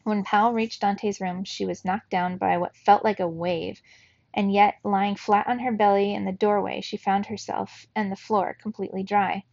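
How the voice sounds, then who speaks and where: A woman reads a children's novel aloud for a book club, steady and expressive. Her voice has a gravelly, creaky texture. The recording is dry and a little dull, like a lo-fi home setup. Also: mid-range voice, moderate pace, no echo.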